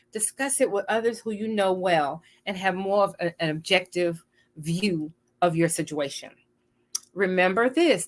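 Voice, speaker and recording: A woman's voice: medium pitch, fairly bright tone. A woman hosting an inspirational talk show, who reads passages aloud and comments on them. She speaks to viewers in an earnest, encouraging, preacher-like way. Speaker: host.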